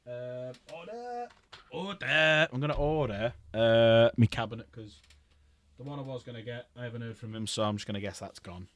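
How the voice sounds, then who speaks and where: A middle-aged man rambling casually while he paints models on a livestream, swearing freely. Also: medium pitch.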